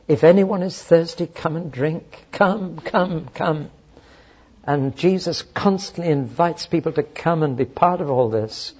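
Husky animated man preaching. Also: mid-range voice. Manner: animated, swings from quiet asides to exclamations. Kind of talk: Bible teaching sermon. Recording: dull lo-fi recording.

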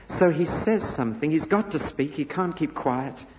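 A man's voice: a little high, expressive, moderate pace, darkish tone, a little hiss or hum. A man preaching an expository sermon emphatically, with rhetorical questions and dramatic rises and drops in his voice. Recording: echoey hall, dull lo-fi sound.

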